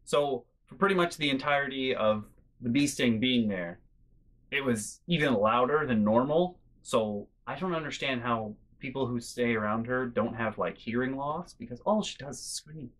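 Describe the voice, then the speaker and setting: A man's voice: medium pitch, moderate pace, fairly bright tone. A man hosting a storytelling vlog, chatty and exasperated as he tells a family story. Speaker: host.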